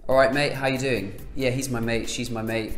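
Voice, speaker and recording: A man's voice: medium pitch, flat delivery, fairly quick, echoey room, faint music behind. A man with a British accent teaching English pronunciation, repeating example phrases in drills. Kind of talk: scripted tutorial.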